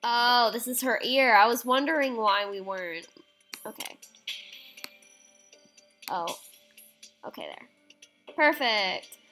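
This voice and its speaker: Young female let's-player, unhurried and chatty, light game music underneath. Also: on the high side, pushed and bright, poor audio. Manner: chatty, reads game prompts aloud, squeamish exclamations. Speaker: game streamer. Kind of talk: casual let's-play commentary.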